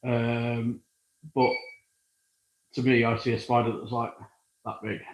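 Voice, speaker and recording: A man's voice: medium pitch, little pitch movement, slow, highs cut off, a little hiss or hum. A British man hosting a live stream from his workshop, chatting and rambling casually as he works. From United Kingdom. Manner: chatty and rambling, thinking aloud. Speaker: livestream host. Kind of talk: casual live-stream chat while working. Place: workshop with a balloon printing machine.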